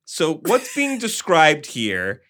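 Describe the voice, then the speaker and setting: Co-hosting a podcast, a man reads a story aloud and chats casually, laughing often in an animated way. His voice is on the high side, and he takes it slowly.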